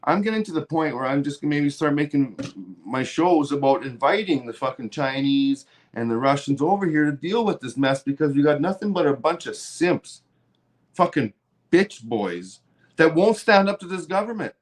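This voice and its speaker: On his own show, a Canadian man with a fairly high, lively voice launches into a heated political rant at normal speed. The profanity is heavy, and at times he puts on sarcastic voices to mock others.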